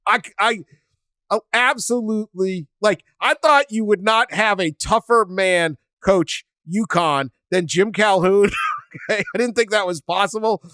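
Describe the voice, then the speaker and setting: A man hosting a sports podcast, telling stories in a lively, chatty way and laughing often. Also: high-pitched, measured pace, clear, resonant tone, no room sound. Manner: animated storyteller, laughs often, acts out quotes. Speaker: podcast host. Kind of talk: casual sports chat.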